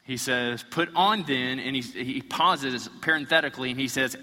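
A man's voice: mid-range voice, normal speed, few pauses, pushed and bright. A man preaching a sermon as pastor, building in intensity with repeated phrases and acted-out quotes. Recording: long reverb from a large hall.

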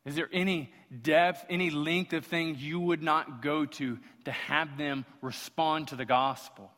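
A man's voice: a little high, steady tone, measured pace, a bit bright. A man preaching an impassioned sermon as pastor, building through rhetorical repetition. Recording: long hall reverb.

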